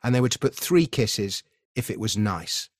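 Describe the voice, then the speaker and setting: A man's voice: fairly low pitch, animated, normal speed, no room sound, studio quality. Middle-aged Englishman telling a story. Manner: earnest, vivid storyteller with frequent self-corrections. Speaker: podcast guest, creator of a stage show. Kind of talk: conversational storytelling interview.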